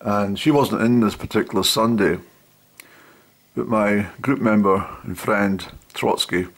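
A middle-aged man telling old stories to a camera, rambling with lots of pauses and fillers. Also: on the low side. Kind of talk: casual storytelling to camera.

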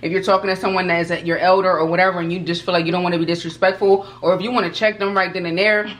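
A woman's voice: fairly low pitch, little pitch movement, very fast. A woman hosting a casual eating vlog, talking in an emphatic, encouraging way, like an older cousin giving advice. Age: older than 22. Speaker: food vlog host. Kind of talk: casual mukbang chat.

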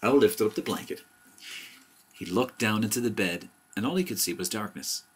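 A man reading a bedtime story aloud in a gentle, even storyteller manner. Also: on the low side, moderate pace.

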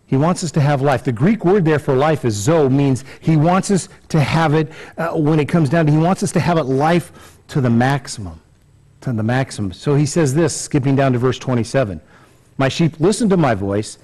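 Here a pastor's somewhat high, darkish voice stays expressive at a normal speed as he gives a conversational church sermon. Fillers and repeated words crop up often, and he dramatizes short scenes in a raised voice.

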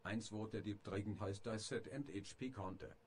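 A man's voice: lowish voice, normal speed, slight background noise. A man reading out a list in a mock-formal manner while putting on a joking fake German accent.

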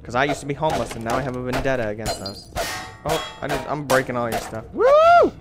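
A man's voice: medium pitch, fairly even intonation, quick pace. A man giving goofy, mildly crude commentary while playing a video game. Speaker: gamer. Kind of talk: gameplay commentary. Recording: noisy, with game sound behind.

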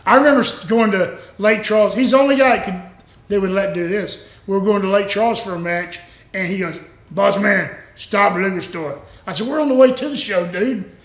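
An older man, a former wrestler telling stories in a rambling, animated way and laughing often. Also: high voice, fairly quick, echoey room. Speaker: former pro wrestler, interview guest. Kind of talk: casual storytelling interview.

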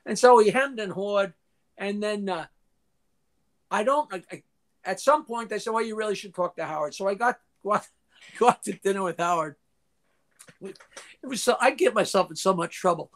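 A man's voice: high voice, moderate pace, pauses often. Older man telling rambling showbiz stories. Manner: rambling anecdotes with restarts and quoted voices; profane, frequently clears throat. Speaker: interview guest. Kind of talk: casual storytelling interview.

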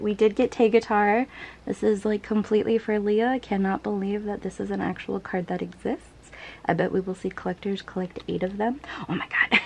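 A woman vlogger in casual unboxing chat, gushing and breathless, sometimes dropping to soft whispers between laughs. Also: medium pitch, dull audio.

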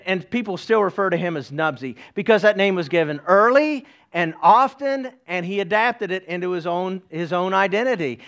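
A man's voice: sits high, fairly bright tone. A middle-aged man from East Tennessee, preaching a sermon in a folksy way with joking asides to the congregation. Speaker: pastor.

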